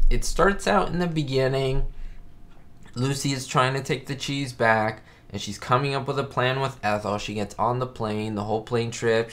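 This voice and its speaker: A man chats casually while hosting a live stream, rambling and leaning heavily on "like" as a filler. His voice sits at an ordinary middle pitch. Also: fairly bright tone. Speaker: host of a live chat stream.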